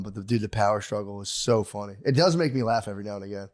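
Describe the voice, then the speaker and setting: Animated, laughing man on a podcast. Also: lowish voice, rapid-fire, few pauses. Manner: animated storyteller, acts out his own lines; swears freely, laughs often. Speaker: podcast co-host. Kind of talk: casual comedic chat.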